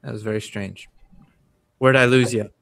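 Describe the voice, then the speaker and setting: A man's voice: mid-range voice, moderate pace, creaky, far from the mic. Man telling a tabletop adventure as game master. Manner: lively storytelling, slipping into character voices. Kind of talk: narrating a tabletop game online.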